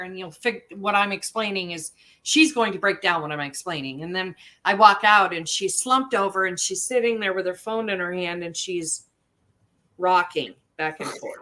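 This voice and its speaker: A woman hosting a casual interview, her voice bright and forward. She tells stories with energy, putting on the voices of the people she quotes. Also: mid-range voice, moderate pace. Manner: animated storyteller who acts out quotes. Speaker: podcast host and licensed therapist.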